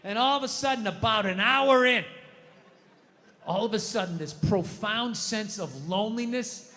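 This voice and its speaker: High-voiced ranting man in his fifties. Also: moderate pace. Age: 50s. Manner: profane, ranting, bursts into shouting. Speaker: stand-up comedian. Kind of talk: stand-up comedy. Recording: echoey hall with loud crowd laughter.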